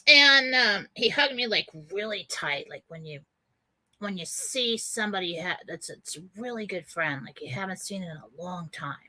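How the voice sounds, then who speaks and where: Lively bright-voiced woman telling a story. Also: mid-range voice, moderate pace. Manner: animated, laughing often, many fillers. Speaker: radio show host. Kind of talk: casual storytelling.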